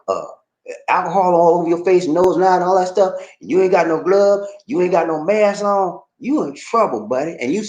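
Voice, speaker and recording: A man hosting a casual livestream chat, animated and joking, reading out viewer comments. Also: high voice, roomy sound. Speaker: livestream host.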